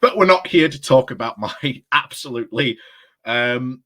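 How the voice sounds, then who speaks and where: A man's voice: medium pitch, lively intonation, normal speed, a bit bright. A man giving casual political commentary to camera, rambling, correcting himself and sounding exasperated. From United Kingdom.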